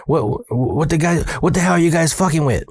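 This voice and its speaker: Frantic adult male maintenance worker, high and urgent, put on by a male storyteller. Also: brisk, darkish tone, no room sound, clean studio sound. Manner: urgent, repeats questions. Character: alarmed adult male trailer park maintenance man.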